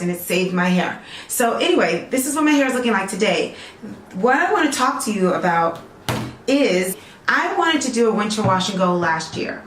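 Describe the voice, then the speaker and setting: A woman talks straight to her audience in a loose, rambling vlog style, often stopping to check in with them. Her voice sits at an ordinary pitch for a woman. The room gives it a noticeable echo over a faint background hum. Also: fairly bright tone. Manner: chatty, rambling, talks straight to viewers with lots of "okay?". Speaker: natural hair vlogger selling her own products. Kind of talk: casual chatty vlog.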